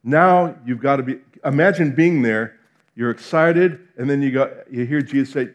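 A middle-aged man from New Jersey with a New Jersey accent, preaching a sermon in an animated way, acting out quotes and swinging between loud and hushed. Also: medium pitch, moderate pace.

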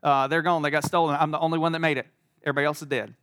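A man voicing a servant who blurts out disastrous news in short, halting bursts. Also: a little high, flat delivery, a bit bright, no echo, studio quality, close to an everyday voice. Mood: frantic. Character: frantic male servant bringing bad news.

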